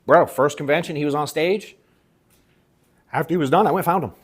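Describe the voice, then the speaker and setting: Man, sales coach, casual storytelling to a workshop audience, slangy and profane, animated quotes. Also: fairly high pitch, fairly quick, breathy edge. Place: event room at an in-person workshop.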